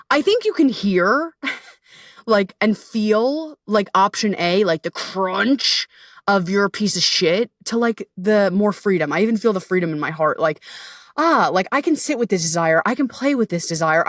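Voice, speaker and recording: A woman's voice: medium pitch, dry recording, clean studio sound. A woman in her thirties hosting a casual self-help podcast, bubbly and candid, swearing freely and playfully. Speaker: podcast host and coach.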